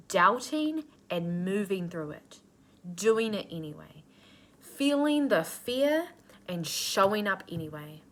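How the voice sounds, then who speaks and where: A woman speaks in an unhurried, drawn-out way as she channels a spiritual reading. Her tone is earnest and nurturing, with casual swearing among the affirmations. Her pitch sits in the middle of the range. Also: fairly bright tone. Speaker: intuitive reader.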